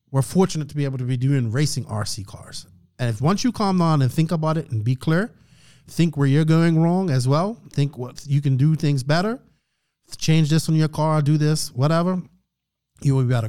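A man hosting a podcast, delivering a casual, preachy motivational rant and clearing his throat often. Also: a little high, normal speed, warm tone. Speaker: podcast host.

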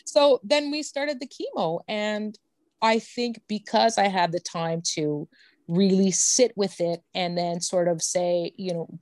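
A woman's voice: medium pitch, a little slow, darkish tone, no room sound. A woman guest telling a personal story candidly and bluntly, swearing freely and laughing easily.

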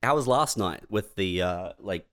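A man's voice: low voice, animated, unhurried, fairly bright tone, slight background noise. A man, a comedian in casual banter, laid back and laughing as he spins silly scenarios.

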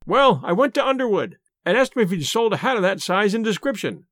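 Boastful police detective, read by a man; high, lively, dry audiobook voice. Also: brisk, no echo. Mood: pleased. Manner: self-satisfied, animated storytelling. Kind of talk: audiobook reading.

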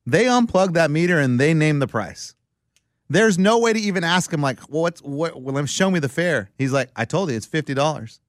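A man's voice: fairly high pitch, a little fast, dry recording, clean studio sound. A man telling a story in casual chat, acting out the other people's lines in voices. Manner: animated, acts out dialogue in voices.

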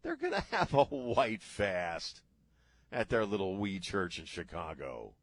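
A man's voice: lowish voice, huge pitch swings, measured pace, dry recording. A man hosting a talk radio show, talking in a sarcastic, mocking way into a studio microphone.

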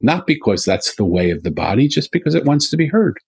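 A man's voice: medium pitch, sing-song, fairly quick, creaky, darkish tone, slightly rough, no echo. A man speaking earnestly as an interview guest, telling a story with repeated emphatic phrases.

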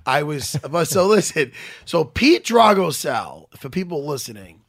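Man co-hosting a podcast, gravelly high voice, animated, laughing and swearing, dry close sound. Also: measured pace, no room sound. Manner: emotional, laughing, profane, rambling. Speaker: podcast co-host. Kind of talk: casual podcast chat.

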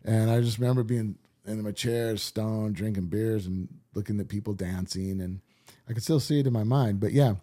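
A man's voice: lowish voice, normal speed, warm tone. A man from Southern California telling stories in a casual, rambling chat, full of fillers and restarts. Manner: laid-back rambling, many fillers. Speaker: musician guest.

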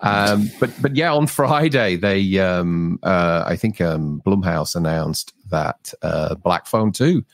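A man hosting a casual livestream chat, relaxed and hesitant, with plenty of fillers. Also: low voice, takes it slowly, few pauses, no echo, studio quality. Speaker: livestream host.

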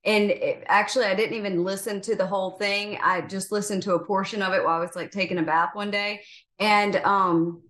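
A woman co-hosting a podcast in casual chat, encouraging and quick to laugh. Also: medium pitch, fairly even intonation, echoey room. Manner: warm, encouraging, laughs often. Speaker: podcast co-host, medium.

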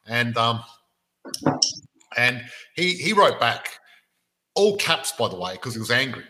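Aussie guy on a property podcast, animated storytelling, bright voice. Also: medium pitch, normal speed, long pauses, poor audio. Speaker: podcast host. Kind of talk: casual podcast chat.

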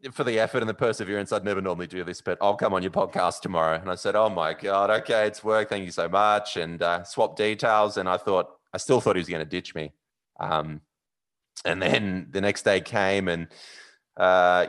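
Deep-voiced Australian man telling a story. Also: smooth. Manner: animated, rambling, with fillers and loud yelled bits. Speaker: podcast host. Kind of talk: casual storytelling.

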